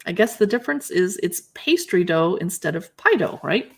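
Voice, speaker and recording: A woman's voice: fairly low pitch, lively intonation, normal speed, husky. A woman hosting a live shopping stream, casually reading dish names from a cookbook aloud and reacting to each with short remarks. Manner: greets viewers and answers chat comments. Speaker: livestream shopping host. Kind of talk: casual livestream chat, reading recipe titles.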